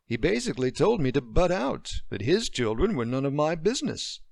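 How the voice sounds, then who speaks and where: A woman's voice: sits low, big pitch swings, fairly quick, creaky, darkish tone, no echo, studio quality, pitched above the performer's own voice, full character voice. A man voicing a hurt adult woman heroine who forces cheer over her anger, in a romance audiobook. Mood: angry.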